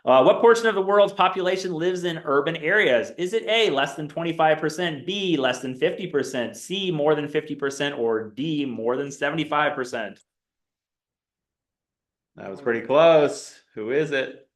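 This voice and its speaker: A man's voice: a little high, moderate pace. A male instructor running a classroom review quiz, reading out multiple-choice options in a quiz-show rhythm.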